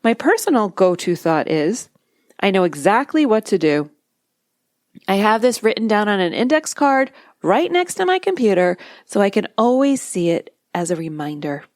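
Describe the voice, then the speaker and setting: A woman hypnotist talks through her methods on a podcast in a calm, measured voice. She lands key phrases slowly and deliberately. The recording is dry and close, with no room sound. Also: mid-range voice, no echo. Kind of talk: instructional podcast monologue.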